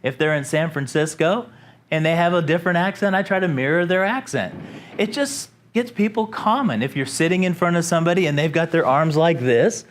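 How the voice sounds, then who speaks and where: A man, a company president, giving an informal sales training talk to a room, animated and asking the audience questions. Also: on the high side, fairly quick. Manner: animated, acts out customers in a raised voice.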